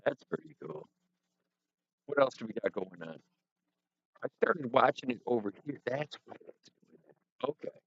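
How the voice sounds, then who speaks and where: A man's voice: mid-range voice, animated, normal speed, gravelly, pauses often, no echo. A man hosting a casual livestream from a home studio, rambling and joking with his chat and talking to himself as he fiddles with his settings. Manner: rambling, self-deprecating, talks to chat and himself. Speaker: livestream host. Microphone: headset or desk mic with headphones. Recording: dull, muffled stream audio.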